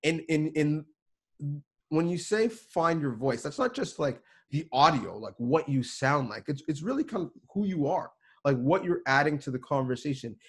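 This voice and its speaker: A man's voice: fairly high pitch, lively intonation, normal speed, breathy edge. A man, a sports reporter and producer, giving earnest, emphatic advice to students over a video call, with frequent restarts.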